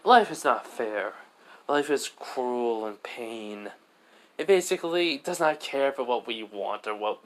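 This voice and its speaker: A man's voice: medium pitch, a bit bright, natural voice, rough recording. A man voicing a weary, earnest young male hero student who lectures at length.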